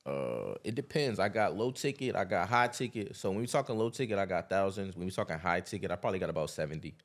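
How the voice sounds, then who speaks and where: A man's voice: deep voice, animated, quick pace. A man who is a guest on a podcast, a coach who gives blunt, confident opinions in casual talk.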